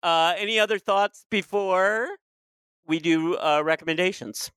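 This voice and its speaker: A man's voice: high-pitched, a little slow, fairly bright tone, clear, resonant tone, dry recording, clean studio sound. A man co-hosting a podcast in a casual group chat, playful and teasing, often laughing. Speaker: podcast co-host.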